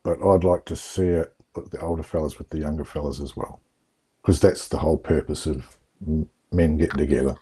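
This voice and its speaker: A middle-aged man, telling stories in a relaxed, reflective way on a video call. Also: rumbling low, brisk, slightly rough. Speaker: guest. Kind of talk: casual storytelling on an online call.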